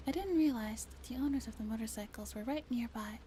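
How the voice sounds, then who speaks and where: A woman streamer reading a story aloud in a soft-spoken ASMR style, slipping into whispers and chatting with her viewers. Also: fairly high pitch, fast, slight background noise. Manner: slips into whispers, chats with viewers.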